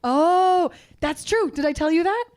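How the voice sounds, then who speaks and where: A woman's voice: very high-pitched, measured pace, a little mellow. A woman co-hosting a live comedy podcast on stage, rambling and laughing through crude jokes. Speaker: podcast co-host.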